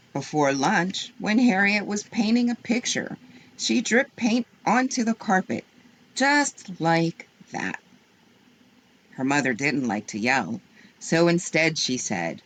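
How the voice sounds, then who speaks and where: Woman reading kids' books aloud, slow, husky and gravelly, very expressive. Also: deep voice. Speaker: storyteller.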